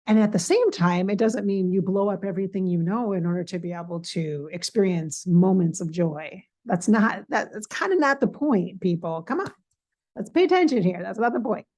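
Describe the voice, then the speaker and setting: A woman with a slightly raspy, hoarse voice, chatting casually and emotionally to her viewers, laughing at herself and rambling. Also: medium pitch, moderate pace, a little mellow. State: a bit hoarse. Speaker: spiritual channel host. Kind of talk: casual vlog talk to viewers.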